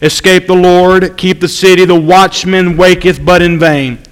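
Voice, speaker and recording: A man preaching an evening sermon, reading scripture aloud and slowly repeating his key points for emphasis. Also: sits high, steady tone, smooth, long reverb tail, low-quality recording.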